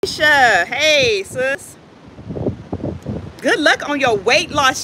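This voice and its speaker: A woman's voice: high-pitched, expressive, drawn-out words, noisy background. A woman chatting casually on a live stream from a hotel balcony, greeting viewers and reading their comments. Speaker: vlogger hosting a live stream.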